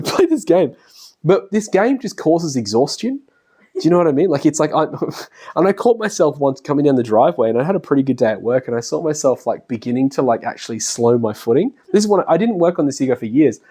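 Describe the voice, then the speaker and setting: A man's voice: fairly high pitch, expressive, fast, mellow, slightly rough. A middle-aged man giving a casual spoken lecture, chatting, laughing often and acting out the voices of family members. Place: classroom.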